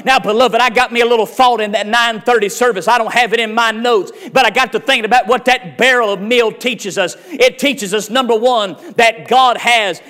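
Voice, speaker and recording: A man with a strikingly high voice preaches to his congregation. He tells the scripture story in a vivid way and drives his points home with an emphatic, repeating cadence. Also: normal speed, few pauses, pushed and bright. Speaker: pastor. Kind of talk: sermon.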